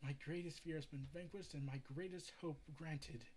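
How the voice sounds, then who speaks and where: A man voicing a gentle male warrior, speaking in a low, calm, soft voice. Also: moderate pace, a little hiss or hum, close to an everyday voice. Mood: calm farewell.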